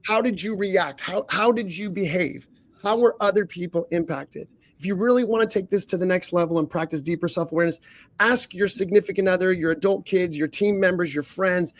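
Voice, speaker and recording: An earnest man coaches listeners on a podcast, with a high voice. He often clears his throat and strings rhetorical questions together. The sound is dry and close to the mic. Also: fairly quick, dry recording. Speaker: leadership coach, podcast co-host.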